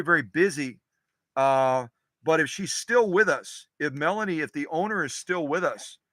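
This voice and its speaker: Man, livestream workshop host, chatty, rambling, repeats himself, fairly high voice, bright forceful tone. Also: no echo. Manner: chatty, digressive, repeats phrases. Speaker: sewing machine restorer, show host. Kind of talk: live-stream workshop demonstration.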